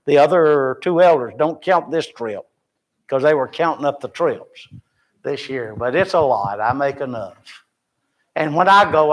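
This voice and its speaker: An older man, a missionary, giving an informal and rambling report to a church Bible class with folksy, self-deprecating humor. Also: on the high side.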